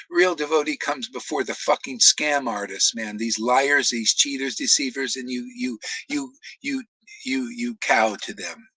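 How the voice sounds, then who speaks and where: Forceful, husky male preacher. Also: mid-range voice, moderate pace, dry recording, low-quality recording. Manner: confrontational, profane, shouting challenges. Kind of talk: sermon.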